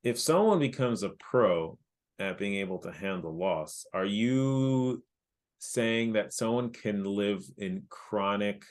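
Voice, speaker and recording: A man hosts a podcast interview and puts long, searching questions that restart and wander before landing. His voice sits on the low side. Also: expressive, slow. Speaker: podcast host.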